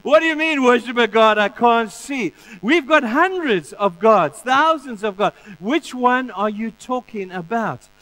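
A preacher doing a scoffing pharaoh. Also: male voice, extremely high pitch, animated, measured pace, hardly any pauses, a bit bright, slight background noise, voice pushed up, full character voice. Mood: incredulous. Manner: incredulous, scoffing. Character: mocking, bewildered ancient male king.

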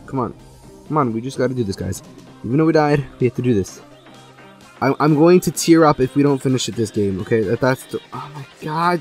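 A young man giving gameplay commentary, excitable, jumping from loud outbursts to low mumbling. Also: normal speed, soft background music. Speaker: gaming YouTuber.

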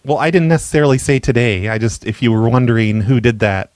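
A man makes prank phone calls, stammering and apologizing in a deadpan way. His voice sits at an ordinary middle pitch. It is recorded close and dry, with no room sound. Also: fast, no echo. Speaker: prank caller and show host. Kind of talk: prank phone call comedy.

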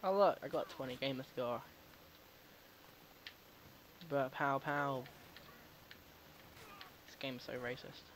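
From a home recording setup, a gaming video host offers casual, jokey commentary while playing, answering the characters back and swearing now and then. He speaks a little slowly in a medium-pitched voice. The recording is low quality, with slight background noise.

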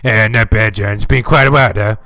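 A man's voice: on the low side, steady tone, brisk, gravelly, sharp tone, no echo, clean studio sound. A man voicing a talking box, meek and agreeable, in a mild everyday voice.

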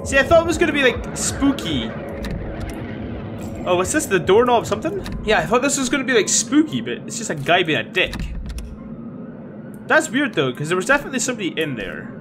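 In a let's-play video recorded at home with noticeable background noise, a male gaming host plays a horror game. His high, sing-song voice moves briskly with frequent pauses as he comments casually, swears, and reads the game's text aloud.

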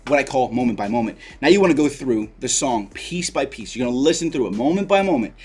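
A man who raps explains song mixing in a casual tutorial, enthusiastic and full of quick asides. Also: mid-range voice, expressive, a little mellow, husky. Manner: enthusiastic, talks in quick bursts with fillers like "like" and "right?". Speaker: rapper teaching song mixing.

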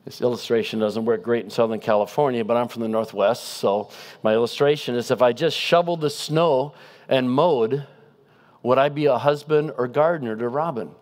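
A man giving a guest sermon in a conversational style, animated and asking the congregation rhetorical questions. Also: mid-range voice, moderate pace. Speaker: guest preacher.

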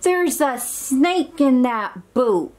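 A woman's voice: high voice, lively intonation, extremely slow, darkish tone, voice pushed up, heavily acted. A woman voicing a cheerful male cowboy sheriff toy in a storybook, with bold cowboy calls. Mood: excited.

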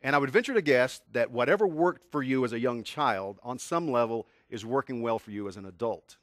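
A man's voice: mid-range voice, animated, brisk, no room sound, studio quality. A man in his fifties from Tennessee gives a motivational talk on communication. He tells a personal story with energy and poses questions to the audience. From Tennessee, USA. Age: 50s. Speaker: communication skills speaker.

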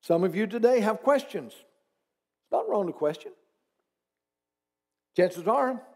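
A man's voice: sits high, a little mellow. A man pastor preaching a conversational sermon in church, asking the congregation rhetorical questions and dropping teasing asides.

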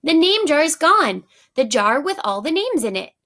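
A woman reading aloud and voicing an excitable young schoolboy who shouts his lines. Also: on the high side, a little fast. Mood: excited.

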